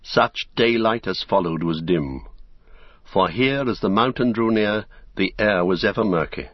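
A man narrating a novel in a measured, solemn storytelling manner. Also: low voice, no room sound, lo-fi sound. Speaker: audiobook narrator.

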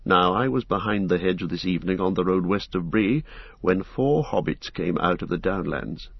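A man voicing a wary, grim male ranger in an audiobook, measured and guarded in his delivery. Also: sits low, vocal fry, husky, no room sound, dull audio, heavily acted. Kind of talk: audiobook character voice.

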